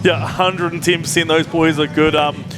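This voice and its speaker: High-voiced New race commentator. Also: male voice, flat delivery, music in the background. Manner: brisk, reels off team lists and points. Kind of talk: live motorsport commentary.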